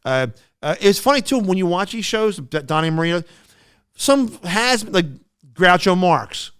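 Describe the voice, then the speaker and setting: A middle-aged man co-hosting a podcast, telling stories in a casual, animated way with frequent restarts. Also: high voice, unhurried, clean tone, no echo, studio quality. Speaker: podcast co-host. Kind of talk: casual chat.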